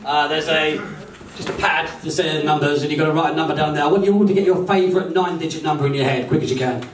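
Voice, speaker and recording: A man with a fairly high voice performs a live comedy magic show, teasing and joking with volunteers. He's picked up from a distance in a large indoor hall full of audience noise, and the room sounds spacious.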